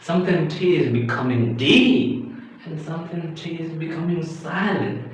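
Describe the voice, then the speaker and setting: A man with an Indian accent giving an animated English lesson, exclamatory and playacting confused learners. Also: fairly high pitch, measured pace. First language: Indian language. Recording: echoey, distant, dull lo-fi with faint hiss.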